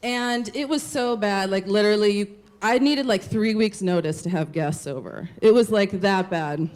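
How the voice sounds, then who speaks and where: This woman's voice sits at medium pitch with a somewhat dark tone and a normal speed. She's telling a personal story onstage at a live storytelling event, speaking frankly and casually, peppered with profanity and plenty of "like."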